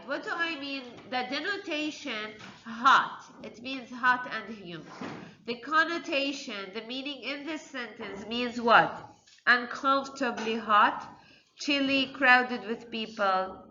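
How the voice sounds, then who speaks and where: Slow, bright-voiced woman teacher. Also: fairly high pitch, roomy sound, lo-fi sound. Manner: quizzing pupils, repeating their answers. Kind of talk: classroom lesson. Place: classroom.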